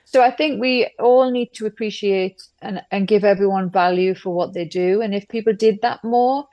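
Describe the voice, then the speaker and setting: A middle-aged woman from England, an interview guest telling stories briskly and with emphasis. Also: medium pitch, no room sound, lo-fi sound. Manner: brisk, emphatic storytelling with acted-out quotes. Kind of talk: candid conversational interview.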